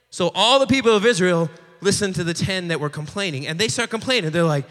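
A young man with a bright, slightly high voice gives a casual sermon. He acts out every quote in a lively, joking way. His words ring out with a long echo through a large hall. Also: brisk. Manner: animated storyteller acting out quotes, joking asides. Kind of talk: casual sermon retelling a Bible story.

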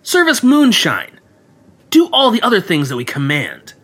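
A man's voice: high voice, wildly swooping pitch, normal speed, a bit bright, husky, pitched above the performer's own voice, heavily acted. A man voicing a brutal young gang leader. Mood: threatening. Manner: threatening, commanding.

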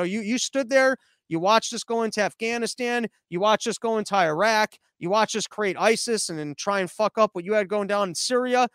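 A man's voice: a little high, a bit bright, clear, resonant tone, dry recording, studio quality. A man hosting a podcast as a live stream, rambling through viewer comments in a sarcastic, crude, offhand way. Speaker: podcast host.

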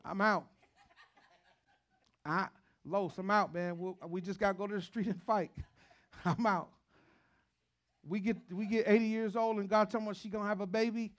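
High-voiced pastor preaching with humor. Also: male voice, steady tone, moderate pace, pauses often. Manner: humorous storytelling, swings from joking to quiet earnest preaching. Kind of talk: sermon.

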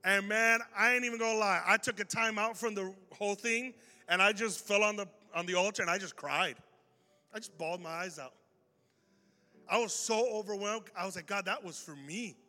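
A male pastor telling a story in a sermon, lively and animated, acting out the voices of the people in it. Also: high voice, brisk. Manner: animated, acts out dialogue in the story. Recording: long hall reverb with faint music.

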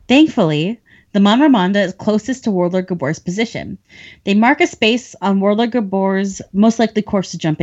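A woman hosts a book podcast, running through plot points in a chatty, laughing way. Her middle-pitched voice moves up and down a lot. The recording is dull and lo-fi. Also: a little mellow. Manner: chatty, laughs often between lines. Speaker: podcast host summarizing chapters. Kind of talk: casual book recap.

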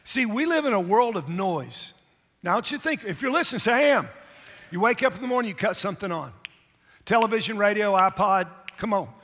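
A man's voice: high-pitched, animated, brisk, fairly bright tone. A middle-aged man preaching a sermon as pastor, emphatic and calling out to the congregation for responses. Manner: emphatic, calls for audience response. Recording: long hall reverb.

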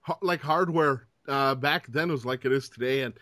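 A man's voice: medium pitch, moderate pace, fairly bright tone, dry recording. A man co-hosting a podcast, chatting casually with crude jokes and frequent laughter. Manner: crude, joking, laughs often. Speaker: podcast co-host. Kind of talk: casual chat.

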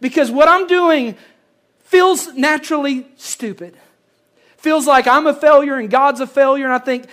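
A pastor preaching a sermon, swinging between loud emphasis and hushed lines and repeating phrases for effect. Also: high-pitched, moderate pace.

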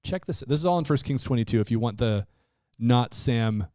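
A man in a casual Bible discussion, a lively storyteller who acts out the lines he quotes. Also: medium pitch, fairly quick, dry recording, studio quality.

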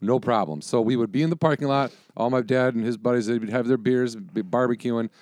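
A man's voice: medium pitch, brisk, a little mellow, no room sound, clean studio sound. A man in his forties chatting casually, telling rambling, profane stories full of restarts. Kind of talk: casual chat.

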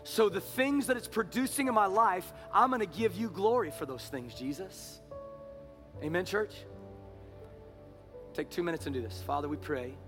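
A man preaching a sermon as pastor, moving between loud emphatic declarations and hushed, whispered prayer. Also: high voice, normal speed, long pauses, music in the background.

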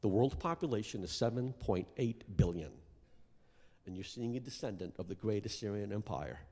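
A middle-aged man from Iraq preaching a sermon testimony, impassioned and building to shouts at its peaks. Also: fairly low pitch, expressive, moderate pace. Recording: long hall reverb.

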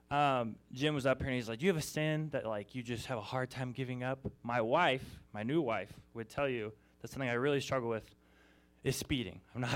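A young man in his twenties giving a casual church sermon, telling a funny personal story with lots of fillers and asides. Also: mid-range voice. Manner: chatty, self-deprecating storyteller with many fillers. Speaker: preacher. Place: church service.

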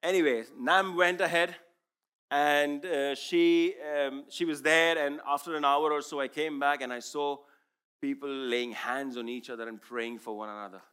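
A man's voice: a little high, fairly even intonation, normal speed, fairly bright tone, clean tone. A man whose first language is Urdu, giving an earnest, emphatic sermon testimony as a preacher.

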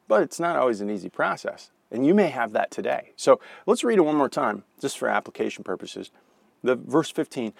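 A man's voice: mid-range voice, sing-song, normal speed, vocal fry, slightly rough, dry recording. A man giving an earnest morning devotional talk, conversational with small restarts, ending in prayer. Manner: earnest, warm pastoral encouragement with a closing prayer. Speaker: devotional speaker.

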